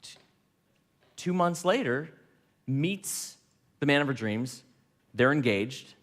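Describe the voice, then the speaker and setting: A man giving a storytelling talk, animated and laughing, quoting people in dialogue. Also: mid-range voice, takes it slowly, big-room sound. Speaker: speaker.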